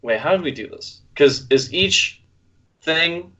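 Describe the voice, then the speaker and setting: Male player, slow and animated delivery, dull stream sound. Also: a little high. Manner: unhurried, swears casually. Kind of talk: casual game chat.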